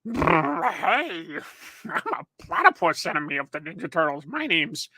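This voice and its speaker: A man's voice: a little high, sing-song, noisy background. Man doing a goofy platypus villain. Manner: slow, goofy self-introduction. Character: silly male platypus mutant villain.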